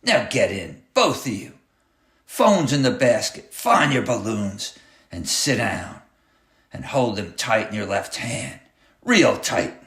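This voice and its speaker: A man's voice: on the low side, sing-song, slow pace, a bit bright, full character voice. A man voicing a cruel, taunting male clown who drives a school bus, barking orders in a sneering way. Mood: menacing. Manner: sneering, bossy, barking threats. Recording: roomy echoey room.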